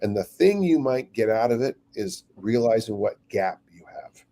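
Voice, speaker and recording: A man's voice: lowish voice, expressive, moderate pace, gravelly, dark tone. An older man, a strength coach, rambling through stories and acting out little quotes in casual podcast talk. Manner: rambling storyteller, acts out quotes.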